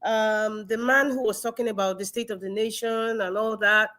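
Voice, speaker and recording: A woman's voice: fairly high pitch, steady tone, normal speed, a bit bright. Impassioned Nigerian woman hosting a live stream. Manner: earnest and emphatic, builds to passionate appeals. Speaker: live-stream show host.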